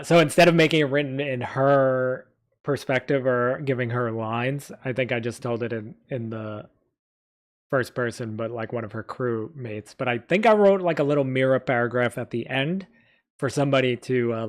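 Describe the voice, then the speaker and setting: A male streamer talking casually to his viewers in a mid-pitched voice. He rambles and hesitates, stopping often to restart his sentences and reach for the next word. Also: moderate pace. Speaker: streamer and fantasy writer. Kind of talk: casual live-stream chat.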